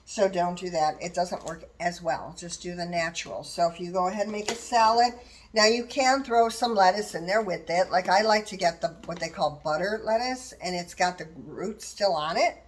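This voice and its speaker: An older woman with a slightly low voice talks straight to her viewers. She chats in a loose, rambling way while she prepares food in her home kitchen, sharing plant-based diet tips. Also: normal speed. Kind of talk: casual how-to chat while preparing food.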